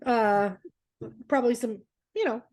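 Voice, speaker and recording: A woman co-hosting a casual chat podcast, telling lively family stories with laughter and acting out her dad's lines. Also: fairly high pitch, unhurried. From Canada. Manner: animated storyteller, laughs often, does voices of her dad. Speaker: podcast co-host.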